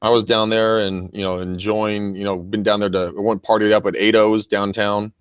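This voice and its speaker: A man co-hosting a casual podcast as a real estate coach, animated and profane, acting out little scenes as he talks. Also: on the low side, normal speed, clean tone, no room sound.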